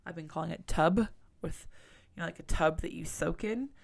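A woman's voice: lowish voice, moderate pace, gravelly, husky. A young woman hosting a podcast, chatting casually and rambling with lots of fillers. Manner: chatty and rambling, many fillers, laughs at herself. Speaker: podcast host.

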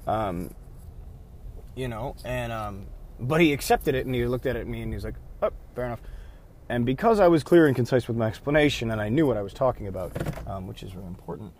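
A man who referees rugby, talking casually in a car, rambling and correcting himself, now and then acting out players' shouts. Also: medium pitch, lively intonation, quick pace, a little hiss or hum. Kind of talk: casual vlog talk.

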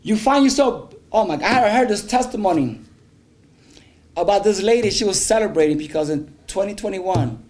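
A man's voice: high voice, animated, normal speed, a little mellow. A male pastor preaching a fervent sermon, trading call-and-response with his congregation and breaking into speaking in tongues.

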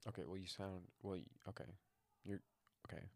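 Deadpan low-voiced young man. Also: brisk, dry recording. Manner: dry, deadpan humor with crude asides. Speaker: podcast co-host. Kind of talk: casual podcast banter. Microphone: close podcast mic.

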